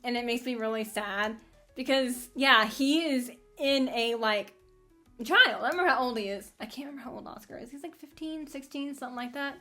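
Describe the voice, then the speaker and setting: A woman with a slightly high voice runs a laid-back anime fan commentary at a brisk clip. She rambles animatedly, laughs a lot, and keeps restarting her sentences while faint music plays behind her.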